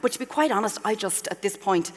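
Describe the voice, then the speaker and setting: A woman's voice: mid-range voice, lively intonation, fast talker. Chatty Irish woman chef in a hall. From Ireland. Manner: chatty and self-mocking, laughing often. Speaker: chef giving a cooking demonstration. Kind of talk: live cooking demo on stage. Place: festival stage in a large hall. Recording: live hall reverb.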